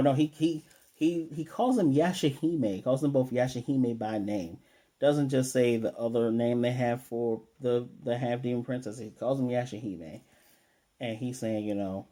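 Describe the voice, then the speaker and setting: A man talking through an anime episode recap in a loose, rambling way. His voice is dark and mellow, sitting at an ordinary middle pitch, and he often restarts his sentences as he quotes the characters. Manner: rambling recap with restarts, quoting lines in a flat voice. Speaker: anime reviewer.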